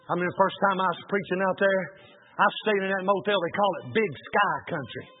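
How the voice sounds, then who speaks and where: A man with a drawl delivers a homespun, storytelling sermon. His voice sits high for a man. The sound is narrow and tinny, like it came through a telephone. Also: fairly quick, a little hiss or hum. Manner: folksy, colloquial storyteller. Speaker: preacher.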